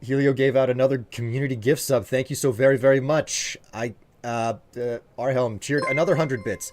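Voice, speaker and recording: A man's voice: mid-range voice, fairly even intonation, brisk, noisy background. A man streaming live, chatting casually and teasing his viewers while thanking them by name.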